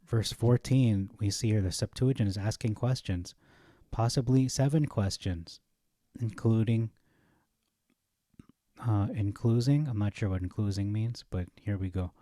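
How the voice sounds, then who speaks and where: Low-voiced man reading scripture aloud. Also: unhurried, mellow, no room sound, clean studio sound. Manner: thinking aloud, self-correcting, frequent fillers. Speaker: Bible study teacher.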